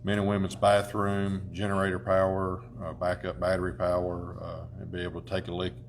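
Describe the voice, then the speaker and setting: Deep-voiced matter-of-fact man. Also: monotone, brisk. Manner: matter-of-fact, practical explainer. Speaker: emergency management director. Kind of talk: explaining plainly. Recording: noticeable room noise.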